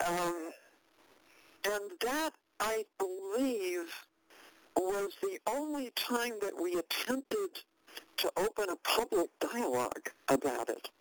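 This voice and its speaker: An older woman recounting a past event in an interview, halting and measured with many fillers and restarts, and a wry, dry understatement. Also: fairly low pitch, poor audio.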